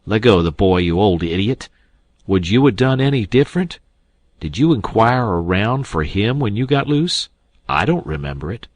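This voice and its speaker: A man voicing a middle-aged male con man who scolds his partner loudly and sarcastically. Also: low-pitched, moderate pace, no room sound. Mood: scolding.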